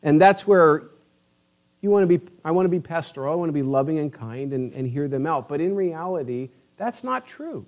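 A man's voice: fairly high pitch, expressive, moderate pace, darkish tone, lo-fi sound. A man pastor preaching a sermon in a church, earnest and conversational, with frequent restarts. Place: church sanctuary.

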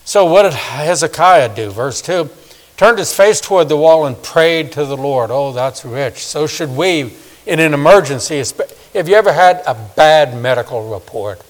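A man in his sixties preaching a sermon, swinging from loud emphasis to hushed, soft asides. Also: a little high, animated, moderate pace. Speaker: pastor. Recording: long reverb of a large hall.

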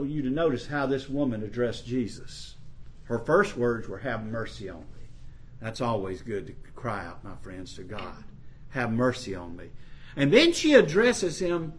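A man's voice: on the high side, a bit bright. A man preaching a sermon, reading scripture and explaining it in an earnest way that rises for emphasis. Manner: slow, earnest, rising to emphasis on scripture quotes.

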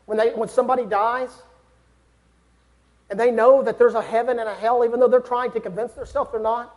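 A man's voice: very high voice, fairly even intonation, a little fast, dull audio. A young man preaching a sermon, earnest and building to fervent exhortation.

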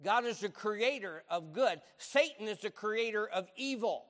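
An older man preaches with emphasis, driving his points home by repeating them. His voice sits high for a man. A long reverb trails each phrase. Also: animated, a little slow, fairly bright tone. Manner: emphatic, repeats key lines, acts out quoted voices. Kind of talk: sermon.

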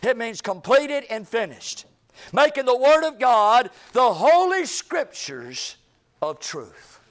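A preacher man with a very high voice delivers a sermon at an unhurried, drawn-out pace. He is folksy and emphatic, rising to shouts on key points and then sinking into low, trailing endings. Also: very animated.

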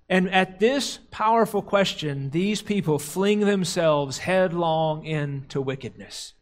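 A man preaching a sermon as a pastor, slowing down and dropping low to stress key words. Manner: slows and drops low for emphasis, quotes crowd cries dramatically.

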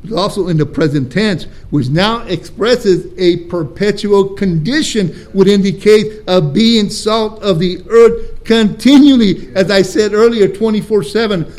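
High-voiced man preaching emphatically. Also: a little mellow. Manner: emphatic preaching, slow deliberate stresses, rhetorical questions. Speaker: pastor. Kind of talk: sermon.

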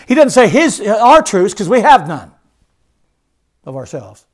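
Male pastor with a high voice, a repetitive sermon cadence, and swings between loud and hushed. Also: big pitch swings, unhurried, long pauses.

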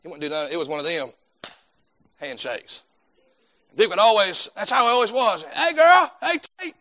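A man's voice: a little high, big pitch swings, normal speed, pushed and bright. A male preacher delivering a sermon with fervent, repetitive emphasis. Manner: fervent, repeats words while building points.

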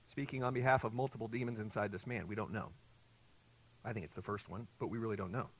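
A male pastor works through a passage for his congregation in a mid-range voice. He teaches earnestly, pauses to quiz his listeners, and swells in volume on the points he wants to stick. The recording is close and dry. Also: mid-range voice, breathy edge, no room sound, poor audio. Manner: earnest teaching, quizzing listeners, surging louder on key points. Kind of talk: expository sermon to a congregation.

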